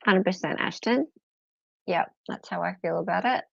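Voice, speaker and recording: A woman's voice: lowish voice, normal speed, gravelly, fairly bright tone, husky, no echo. An Australian woman hosting a livestream, chatting casually and playfully with her chat. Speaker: livestream host reading chat. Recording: dull lo-fi sound.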